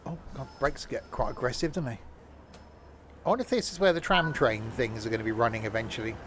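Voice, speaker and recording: A man's voice: mid-range voice, quick pace, slight background noise. A man streaming a train simulator, talking through it in wry, grumbling running commentary. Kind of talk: live gameplay commentary.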